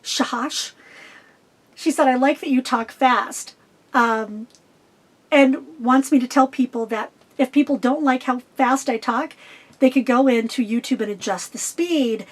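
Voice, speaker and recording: A middle-aged woman vlogger answering viewer questions about her life on the road, talking fast and getting straight to the point. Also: sits high. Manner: fast, to-the-point talker who cuts out filler. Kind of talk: casual direct-to-camera Q&A.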